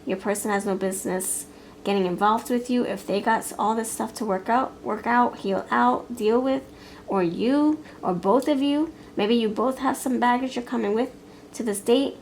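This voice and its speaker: A woman's voice: a little high, moderate pace, gravelly, slight background noise, rough recording. A woman giving a pick-a-card tarot reading, thinking aloud in a rambling, frank way with many fillers and restarts. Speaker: tarot reader.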